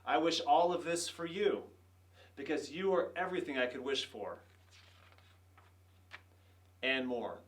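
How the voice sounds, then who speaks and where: A man's voice: fairly high pitch, lively intonation, far from the mic. Man speaking a bit away from the mic. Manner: slightly halting, with uh fillers. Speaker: school official greeting students. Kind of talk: reading aloud then short greeting. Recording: voice set back from the mic.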